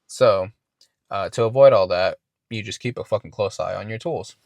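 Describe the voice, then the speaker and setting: A podcast host spins a casual, profane story in a low voice. He wanders and restarts his words often. The sound is dry and close, with no room echo. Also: normal speed, darkish tone.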